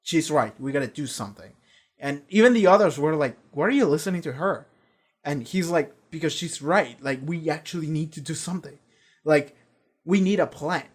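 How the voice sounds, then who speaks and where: Young male reaction host: loose, profane, rambling chatter, slightly high pitch. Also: lively intonation, normal speed. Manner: rambling and profane, acts out quotes. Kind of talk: casual spoken review.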